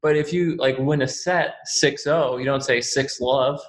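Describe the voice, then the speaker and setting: A man's voice: medium pitch, steady tone, measured pace. A man co-hosting a podcast, chatting casually and teasing his partner with a wry tone. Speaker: podcast co-host.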